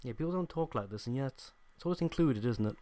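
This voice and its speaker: A man's voice: mid-range voice, lively intonation, quick pace, mellow. A man hosting a let's play, giving casual gameplay commentary with dry, rambling asides.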